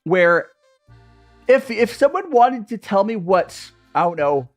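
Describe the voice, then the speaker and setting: Faint music plays behind a young adult streamer who rambles casually over tea, calling out viewers by name. The voice is medium-pitched and very animated but unhurried.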